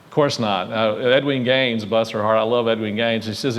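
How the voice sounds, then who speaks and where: A man's voice: on the low side, steady tone, normal speed. Man preaching a conversational sermon. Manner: conversational, asks the congregation questions. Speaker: minister. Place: church sanctuary.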